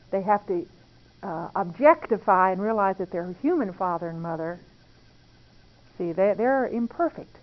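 A woman speaking earnestly and intimately about prayer and faith, confiding like a testimony, in a dull lo-fi recording. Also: mid-range voice. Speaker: Christian speaker. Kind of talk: testimony-style talk on prayer.

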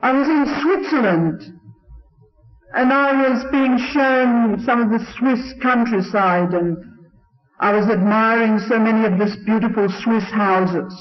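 High-voiced English preacher, slow. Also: male voice. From England. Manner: storytelling, earnest. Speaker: Salvation Army preacher. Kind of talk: sermon. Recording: roomy, dull old recording.

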